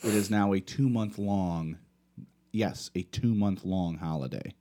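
Man ranting profanely, low mellow voice. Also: measured pace. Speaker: podcast host. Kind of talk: casual podcast rant.

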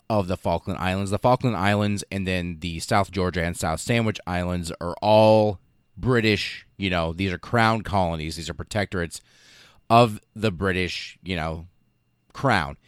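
A man's voice: low voice, no echo, clean studio sound. A man hosting a casual history podcast, irreverent and sarcastic, swearing often and acting out quotes in silly voices. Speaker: podcast host.

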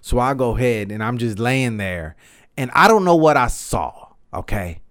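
Male podcast host, 30s, medium pitch, loose swearing storyteller. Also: moderate pace. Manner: rambling, animated, swears freely, says "man" and "you know" a lot. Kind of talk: casual storytelling monologue.

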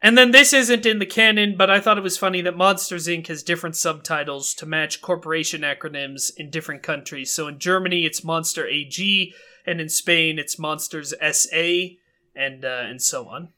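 A young man co-hosting a podcast in casual chat, talkative and quick to laugh at himself. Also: a little high, fairly even intonation, pushed and bright. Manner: chatty, self-amused, laughs often. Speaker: podcast co-host.

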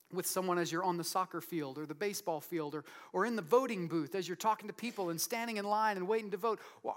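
A man preaching a sermon in an earnest, conversational way, asking the congregation frequent rhetorical questions and dropping to a soft voice for emphasis. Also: on the high side. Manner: drops to a soft, quiet voice for emphasis. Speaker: pastor.

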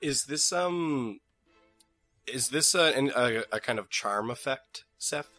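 Relaxed male game player. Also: mid-range voice, takes it slowly, dry recording, soft background music. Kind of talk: casual chat at a game table.

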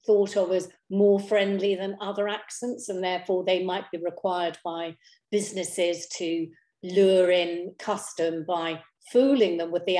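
A middle-aged woman speaks as an interview guest, her voice sitting on the low side and bouncing around a roomy, echoing space. She talks in a chatty, expressive way, circling back with fillers and restarts. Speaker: interview guest, impressionist and actor. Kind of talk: casual conversational interview. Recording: roomy echo.

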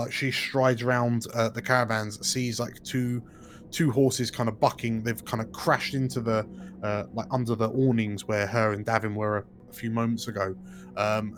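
Rambling game master man. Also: medium pitch. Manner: loose, filler-heavy narration. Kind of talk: narrating a tabletop game.

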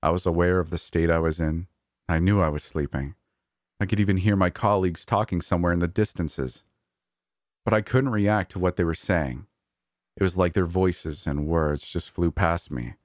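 A man reading a first-person horror story aloud in a measured, steady way. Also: deep voice, no room sound, studio quality. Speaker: narrator. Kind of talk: scripted horror story narration.

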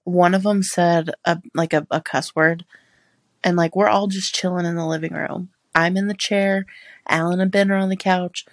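A woman in her thirties co-hosting a casual podcast, telling blunt, deadpan stories about her family. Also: fairly low pitch, moderate pace, no room sound. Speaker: podcast co-host. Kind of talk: casual chat.

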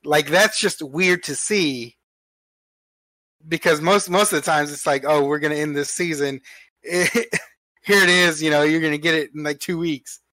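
A man with a somewhat high voice chats quickly and loosely as a podcast co-host, swearing casually and restarting his sentences. The recording is close and dry. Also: pushed and bright, no room sound. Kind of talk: casual chat.

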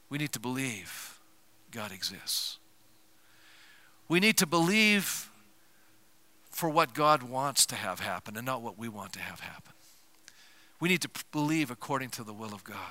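A man's voice: a little high, sharp tone, clear, resonant tone, no room sound. A male pastor preaching a sermon, telling a personal story with emotion and frequent asides.

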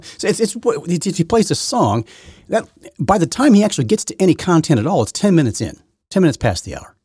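A man's voice: a little high, very animated, brisk, dark tone, slightly rough, no echo. A man hosting his own podcast, giving rambling, opinionated solo commentary full of restarts and repeated words. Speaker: podcast host.

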